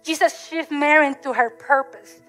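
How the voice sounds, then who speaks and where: Woman preacher, high and bright, English, repetitive emotional sermon cadence, faint music under. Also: moderate pace, low-quality recording.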